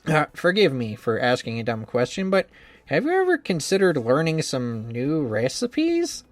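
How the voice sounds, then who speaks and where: A man's voice: on the high side, big pitch swings, moderate pace, no room sound, soft background music. A man reading a visual novel game aloud as the male lead, wry, teasing and blunt in manner. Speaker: game narrator and reader.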